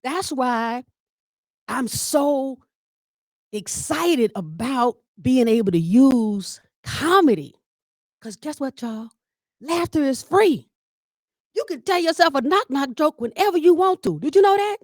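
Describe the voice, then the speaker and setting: Animated woman comedian, dry close sound. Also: takes it slowly, dry recording. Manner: lively storyteller who addresses the audience directly; acts out quoted dialogue with big pitch jumps. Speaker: comedian and family caregiver leading a workshop. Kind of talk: comedic workshop talk.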